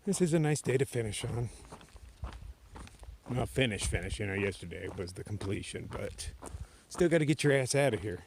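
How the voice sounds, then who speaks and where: On a mountain trail, a thru-hiker vlogs to himself in a relaxed, joking monologue, cursing freely as he goes. His fairly low, gravelly voice is animated and runs at a normal speed, broken by long pauses, with a faint hiss or hum in the recording.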